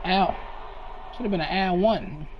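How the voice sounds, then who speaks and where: A man giving casual, excitable commentary while playing a basketball video game. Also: sits high, unhurried, dull audio, slight background noise. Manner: excitable, shouts and laughs at plays. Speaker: gaming commentator.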